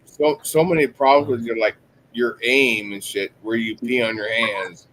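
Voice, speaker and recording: A man's voice: mid-range voice, steady tone, moderate pace, a bit bright, slight background noise, low-quality recording. A man with a New York accent hosting a stream, chatting casually, stammering and swearing bluntly. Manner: rambling, stammering, blunt and profane. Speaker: stream host. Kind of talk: casual profane chat.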